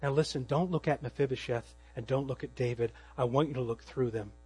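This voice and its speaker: A man preaching a sermon, telling the story dramatically and swinging from loud emphasis to hushed tones. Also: medium pitch, a little fast, breathy edge, poor audio. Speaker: pastor. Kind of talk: expository sermon.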